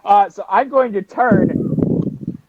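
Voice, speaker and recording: A man's voice: high-pitched, slow pace, phone-quality sound. A man playing a tabletop role-playing game, chatty and describing his character's actions. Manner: talkative, slips into in-character speech. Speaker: player. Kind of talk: casual tabletop role-play.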